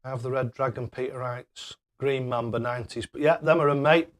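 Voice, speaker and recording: A man's voice: mid-range voice, steady tone, brisk. A man hosting a casual live stream, chatting away and thanking viewers by name with matey banter. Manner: matey banter, calls people mate.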